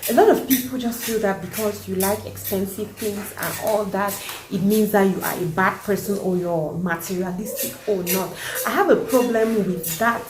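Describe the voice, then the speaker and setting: A woman giving her opinions in a casual reaction vlog, animated and emphatic. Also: mid-range voice, moderate pace, background noise. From Cameroon. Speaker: vlogger reacting to a video. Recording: echoey room.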